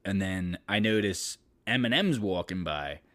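A man's voice: sits low, expressive, a little slow, fairly bright tone. A man hosting a podcast, telling a story casually, rambling and swearing with lots of filler. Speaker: podcast host.

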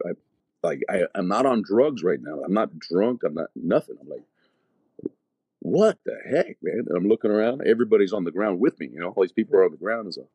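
A man's voice: low voice, darkish tone, slightly rough, no room sound. A man, an evangelist, telling his conversion testimony in casual, slangy talk full of fillers and restarts.

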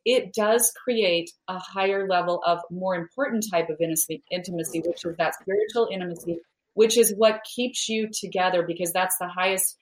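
A woman's voice: lowish voice, a little fast. A woman, a guest author, talking earnestly in an interview with frequent fillers. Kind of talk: conversational interview talk. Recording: roomy echo.

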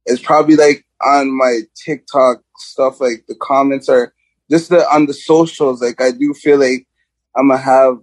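A man's voice: medium pitch, steady tone, a little slow, no room sound. Rambling young man, dry close sound. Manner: rambling, lots of "like" and "you know", laughs easily. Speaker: guest rapper. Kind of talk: casual interview chat.

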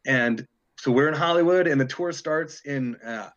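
A man's voice: on the high side, normal speed, a bit bright, muffled recording. A middle-aged man from Detroit, a touring guitarist telling stories in a casual interview, rambling with lots of restarts and the odd swear. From Detroit, Michigan. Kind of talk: casual storytelling chat.

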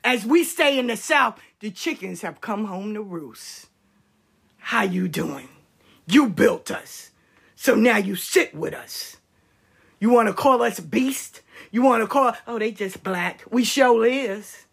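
A woman speaking as a spiritual practitioner on a live stream, heated, profane and confrontational, swinging between shouts and low, pointed asides. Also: lively intonation, slow, creaky, breathy edge.

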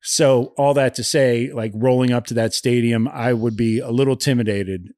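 Male co-host, mid-pitch, relaxed rambling chat, dry close sound. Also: moderate pace, dry recording. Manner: relaxed, rambling sports talk. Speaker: podcast co-host. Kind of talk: casual travel chat.

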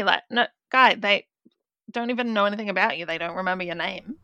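A woman co-hosting a casual film podcast, animated and quick to mimic characters in funny voices. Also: mid-range voice, no room sound. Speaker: podcast co-host.

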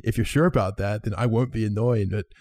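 A man's voice: fairly low pitch, fairly even intonation, fast talker, darkish tone, dry recording. A young man hosts a loose podcast among friends, swearing freely and laughing through his stories. The recording is dry and close, with no room sound. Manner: swears a lot, laughs while telling stories. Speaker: podcast host. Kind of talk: casual podcast chat with friends.

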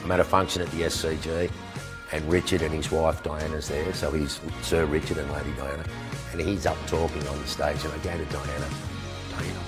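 An older man with a notably deep, low voice tells a story with relish. He acts out each exchange and laughs at his own punchlines. Music plays clearly beneath him. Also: flat delivery, fairly quick. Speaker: guest storyteller. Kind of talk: animated anecdote.

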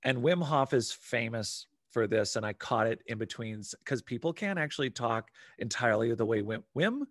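Male co-host, talky and rambling, mid-pitched, dry close sound. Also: normal speed, no room sound. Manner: rambling, animated, swears casually. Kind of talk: casual chat.

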